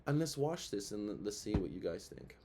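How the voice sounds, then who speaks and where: A man's voice: fairly low pitch, very animated, normal speed, gravelly, background noise. A young man hosting his own show, talking through his views in a rambling, casual way, full of fillers and rhetorical questions. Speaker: show host. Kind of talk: casual commentary.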